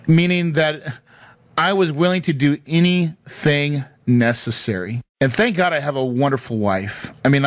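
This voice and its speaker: Into a studio microphone, a podcast host recounts something personal, emphatic and emotional and often laughing. His voice is on the high side with a fairly bright tone, captured in a dry recording.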